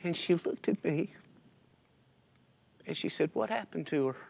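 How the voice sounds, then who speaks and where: Unhurried and expressive, a man with a higher, creaky, somewhat mellow voice describes a loss he went through in a casual church interview. He is tearful and emotional, quotes himself and others, and the audio is from the church stream recording.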